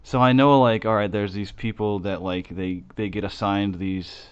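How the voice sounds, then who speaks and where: Man, lowish voice, rambling, profane, lots of fillers, casual podcast chat, dull lo-fi audio. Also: fairly even intonation, normal speed, clean tone. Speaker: podcast co-host.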